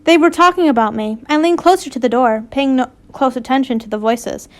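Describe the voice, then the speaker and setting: A woman's voice: high voice, brisk. A woman reading fanfiction aloud, breaking off into giggly, casual asides and swearing freely. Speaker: fanfiction reader.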